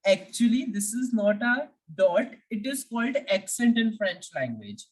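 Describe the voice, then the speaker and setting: Woman, language teacher, lively rising and falling pitch, distant mic. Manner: patient, repeats each word slowly for learners. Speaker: French teacher. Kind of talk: beginner language lesson.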